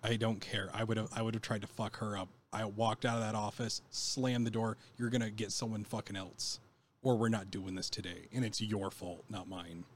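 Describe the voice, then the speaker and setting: A man's voice: lowish voice, level tone, moderate pace. A young man co-hosting a casual podcast, blunt and profane, retelling events with animation. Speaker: podcast co-host. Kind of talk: casual chat.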